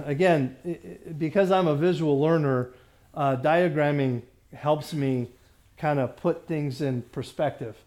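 In this Bible study class, the male teacher reads scripture slowly, trips over words, repeats himself and clears his throat frequently. He speaks a little high and sounds somewhat mellow.

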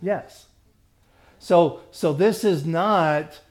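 A man leads a Bible study with a somewhat high voice. He talks slowly, halting and repeating words, often clearing his throat, and reads scripture at a careful crawl. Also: darkish tone. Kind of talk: teaching a Bible study class.

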